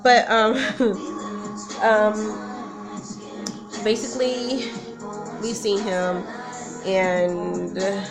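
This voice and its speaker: Rambling nervous woman over loud music. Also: mid-range voice, little pitch movement, very slow, creaky, pauses often. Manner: rambling and self-interrupting, nervous and emotional. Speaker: vlogger telling a personal story. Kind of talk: casual story-time vlog. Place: at home with a song playing. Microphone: camera mic. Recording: music playing loudly in background.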